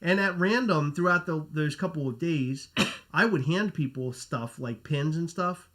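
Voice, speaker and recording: A man hosting a live chat stream, talking in a rambling, self-correcting way with casual swearing. His voice is pitched a bit higher than most men's. He speaks loosely and keeps chatting to his viewers. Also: a little slow, a bit bright. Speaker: podcast host.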